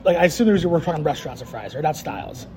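A man's voice: fairly high pitch, animated, very fast, warm tone, soft background music, poor audio. A man co-hosting a casual podcast, teasing his friend and rambling with many restarts over a card game. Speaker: podcast co-host.

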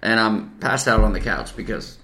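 A man, co-hosting a podcast in casual chat and ranting loudly and profanely for comic effect. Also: lowish voice, lively intonation, moderate pace. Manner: profane, loud comic rants. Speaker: podcast co-host.

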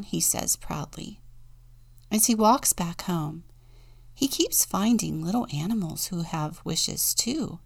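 A woman deacon reading a children's Bible story and a picture book aloud, in a gentle storytelling manner with soft whispered moments. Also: on the low side, gravelly, breathy edge, dry recording.

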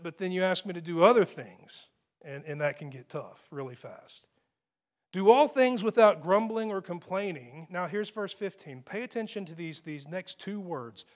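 Guy with a high voice preaching, casual and jokey about himself, gets loud and emphatic. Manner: conversational, self-deprecating, builds to emphatic peaks. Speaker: pastor. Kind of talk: sermon.

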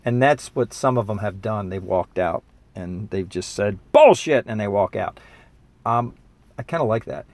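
A man in his fifties talking in a casual monologue, earnest and reflective, sometimes excited, with fillers and restarts. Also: on the low side, moderate pace, no echo. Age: 50s. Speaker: musician and spiritual teacher.

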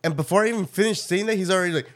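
A man hosting a podcast, telling a story in a loose, profane, animated way and often breaking into laughter. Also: sits high, racing. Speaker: podcast host. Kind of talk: casual storytelling chat.

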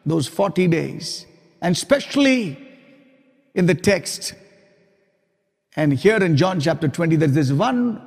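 A male pastor preaching a sermon, emphatic and repetitive, at times dropping his voice very low for quoted words. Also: gravelly, breathy edge. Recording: long hall reverb.

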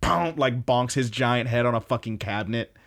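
A man co-hosting a podcast, recapping anime episodes in casual chat, animated and swearing freely. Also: mid-range voice, a little fast. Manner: animated, profane, laughing storyteller. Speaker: podcast co-host.

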